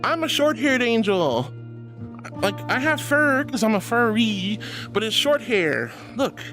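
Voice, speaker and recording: A woman's voice: fairly high pitch, very animated, a little slow, a bit bright. Bubbly affectionate woman streamer, music behind. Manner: bubbly, affectionate, reads chat aloud. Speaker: livestream host. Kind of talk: casual live-stream chat. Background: background music.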